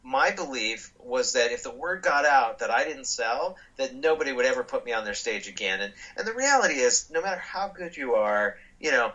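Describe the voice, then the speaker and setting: A man being interviewed as a guest, telling animated stories with frequent restarts and acted-out dialogue. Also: mid-range voice, brisk, few pauses, muffled recording. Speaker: guest speaker. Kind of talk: storytelling interview answers.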